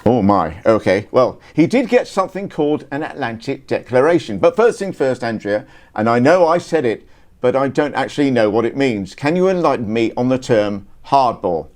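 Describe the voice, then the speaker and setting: A man's voice: mid-range voice, very animated, normal speed, darkish tone. A British man co-hosting a casual political chat, joking and wry. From United Kingdom. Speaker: podcast co-host.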